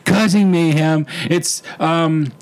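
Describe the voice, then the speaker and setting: A man's voice: a little high, fairly even intonation, slow pace, a little mellow, smooth. A man co-hosting a podcast, chiming in with laid-back remarks in casual chat. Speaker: podcast co-host.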